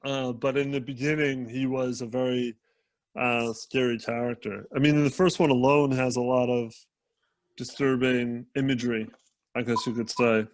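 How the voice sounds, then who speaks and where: A man co-hosting a casual gaming podcast, telling stories in a halting way full of fillers. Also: mid-range voice, little pitch movement. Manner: halting, filler-heavy storytelling. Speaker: podcast co-host.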